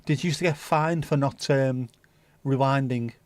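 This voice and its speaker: A man's voice: medium pitch, moderate pace, dry recording. A man hosting a livestream, rambling and swearing casually as he answers viewers' comments. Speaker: livestream host. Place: home livestream setup.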